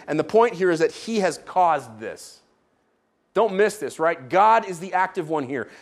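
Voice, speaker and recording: A man preaching a sermon as pastor, stressing points by repeating them and checking in with the congregation. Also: a little high. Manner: emphatic, repeats key points, asks "right?".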